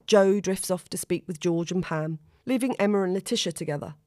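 A woman narrating a story in a steady, expressive reading. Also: lowish voice, a little fast, no echo, studio quality. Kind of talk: audiobook narration.

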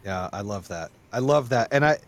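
A man hosting a casual interview, relaxed and encouraging, with some casual swearing. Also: fairly low pitch, normal speed. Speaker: podcast host.

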